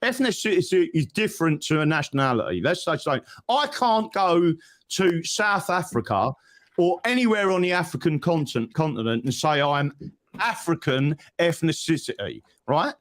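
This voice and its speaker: A man, a guest in a live online talk, lecturing forcefully in a heated debate and tagging his points with "right?". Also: on the high side, expressive, normal speed.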